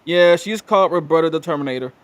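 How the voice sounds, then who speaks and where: A man hosting a casual live stream chat, laughing often and relaxed. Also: a little high, fast talker. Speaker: host.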